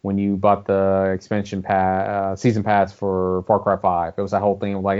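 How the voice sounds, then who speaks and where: A man's voice: low-pitched, completely flat delivery, normal speed, a little mellow, smooth. A man rambling casually about video games, swearing freely and acting out characters' lines. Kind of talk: casual gaming chat. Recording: dull lo-fi audio.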